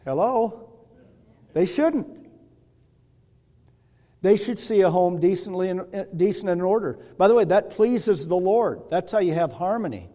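High-voiced preacher in a reverberant hall. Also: male voice, fairly quick, few pauses, mellow. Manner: folksy, asks the congregation "Hello?". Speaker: pastor. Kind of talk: sermon. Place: church sanctuary.

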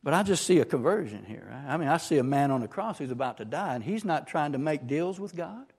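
A man's voice: fairly high pitch, animated, brisk, gravelly, a little mellow, husky. A man preaching a sermon and sharing his own testimony. He speaks emphatically and keeps checking in with "right?" and "amen?". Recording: long reverb from a large hall.

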